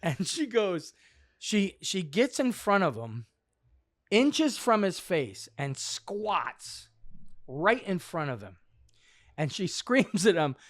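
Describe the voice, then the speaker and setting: A man's voice: high-pitched, slow, no echo, clean studio sound. A man, a comedian, telling a funny story in a backstage podcast chat, laughing as he goes. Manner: animated, laughs through his telling. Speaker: comedian guest.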